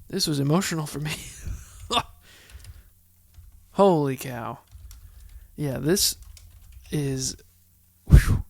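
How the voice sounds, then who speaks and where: A man hosting a faith podcast on his own, talking in an unhurried, chatty way and thinking out loud. His voice has a gravelly edge. The sound is dry and close, with no room around it. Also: medium pitch, dry recording. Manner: chatty, thinking aloud, heartfelt. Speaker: podcast host. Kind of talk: solo Bible study podcast talk.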